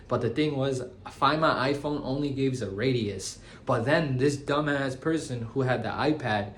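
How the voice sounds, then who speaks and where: A young man in his twenties tells shop stories in loose, slangy vlog talk, full of "bro" and "guys." His voice sits at an ordinary middle pitch. A faint hum sits behind him. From United States. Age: 20s. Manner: slangy and animated, says bro and guys a lot. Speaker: tattoo shop owner. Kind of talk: casual storytelling vlog.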